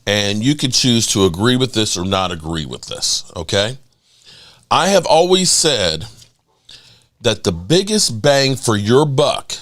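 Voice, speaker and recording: A man hosting a casual live sports stream, excitable and often restarting his words. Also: medium pitch. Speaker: sports channel host.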